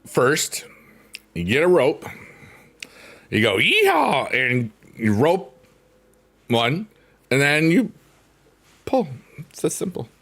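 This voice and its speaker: A man's voice: medium pitch, lively intonation, slow, pauses often. A middle-aged man hosting a livestream, chatting casually and reading comments aloud in a goofy, joking way. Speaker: livestream host. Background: soft piano music.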